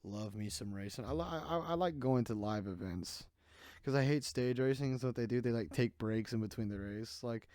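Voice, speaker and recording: A man's voice: medium pitch, moderate pace, a little mellow, no room sound, studio quality. A man, hosting a casual solo podcast, rambling and candid, sleepy and yawning. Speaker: podcast host.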